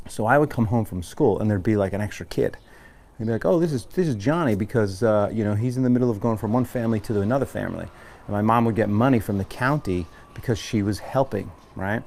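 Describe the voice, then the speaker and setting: An American yoga teacher from Long Island, a man with a fairly low voice. He talks earnestly and casually, rambling and restarting his sentences as he guides the class. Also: fast, creaky, a little mellow. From Long Island, New York.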